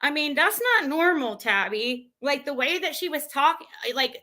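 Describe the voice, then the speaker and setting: Exasperated high bright-voiced woman. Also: lively intonation, moderate pace, poor audio. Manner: rambling, exasperated, many fillers and restarts. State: has a cold. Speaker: livestream host. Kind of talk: casual livestream chat.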